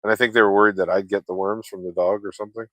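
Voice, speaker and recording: Low-voiced man in loose casual chat. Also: level tone, racing, a bit bright, no echo. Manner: loose, chatty, swears freely, laughs often. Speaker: vlogger chatting with viewers.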